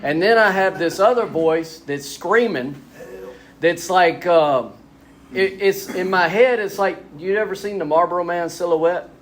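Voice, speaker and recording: Man, fairly high voice, candid retreat talk, self-deprecating, acts out quotes. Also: a little slow, slight background noise. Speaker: recovery retreat speaker. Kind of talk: candid sharing at a spiritual retreat.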